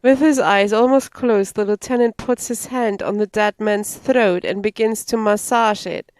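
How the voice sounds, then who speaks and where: A woman streamer reading the game's text aloud, slow and careful, with laughing asides. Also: mid-range voice, fairly even intonation, darkish tone, dry recording. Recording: faint game music behind.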